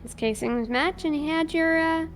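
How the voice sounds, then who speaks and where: Gravelly woman roleplaying a cop. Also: very high-pitched, moderate pace, slight background noise. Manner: animated, recounts events acting out both sides of the dialogue. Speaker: streamer playing a police officer in a roleplay server. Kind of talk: in-character roleplay storytelling.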